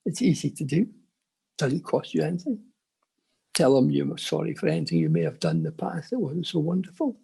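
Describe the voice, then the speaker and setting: An older man shares his personal testimony at a conference. His voice is rough and gravelly, strongly husky, and sits a little higher than most men's. He tells it earnestly, dropping into hushed asides. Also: sing-song, fairly quick. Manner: earnest storytelling with quiet asides. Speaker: conference speaker.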